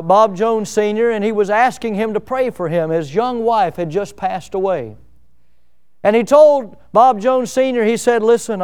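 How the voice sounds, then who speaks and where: A male pastor preaching a sermon, building to emphatic peaks and then dropping to soft, quiet lines. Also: high-pitched, clean tone.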